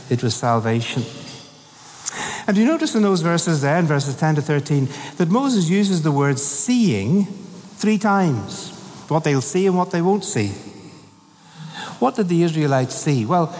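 A man delivering an expository sermon, working through the verses and driving points home with repetition. His voice sits a little high for a man. A long reverb trails behind him. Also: a little mellow. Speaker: preacher.

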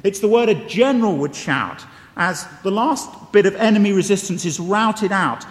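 A man's voice: sits high, expressive, moderate pace. A man preaching a sermon, conversational and emphatic, with wry asides and repeated key phrases. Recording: long reverb of a large hall.

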